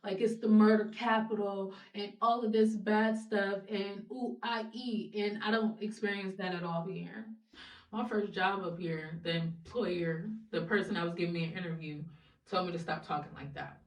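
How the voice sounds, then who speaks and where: A woman's voice: mid-range voice, moderate pace. A young woman from Ohio, a guest in a casual interview, speaking frankly and swearing freely. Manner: frank and animated, swears freely, laughs between points. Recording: roomy sound from a distant mic.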